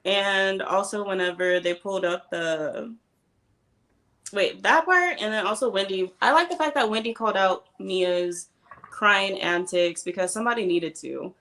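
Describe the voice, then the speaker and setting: A woman with a gravelly, fry-tinged voice weighs in as a panelist on a reality TV chat. She speaks candidly and shares plain opinions in a relaxed, conversational way. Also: medium pitch, unhurried. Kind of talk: casual commentary.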